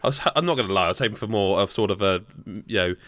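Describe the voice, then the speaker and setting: A man's voice: on the low side, racing, a bit bright, no room sound. A man hosting a podcast in a casual, joking chat, reading out rankings. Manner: joking, reads out food rankings. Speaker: podcast host.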